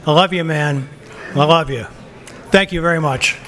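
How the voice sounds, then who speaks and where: A man's voice: on the high side, normal speed, heavy background noise. An older man presenting an award, telling a long comic anecdote and acting out the quotes with laughter. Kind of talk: anecdote at a banquet podium.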